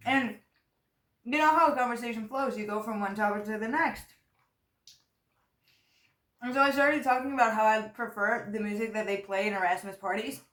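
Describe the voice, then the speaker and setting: A woman's voice: a little high, normal speed, long pauses, a bit bright, roomy sound. A young woman telling a story in a casual vlog chat, rambling and full of fillers while she chews her food. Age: young adult. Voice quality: loose, rambling, heavy on "like" fillers. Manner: chatty, talks while chewing food. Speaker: vlogger.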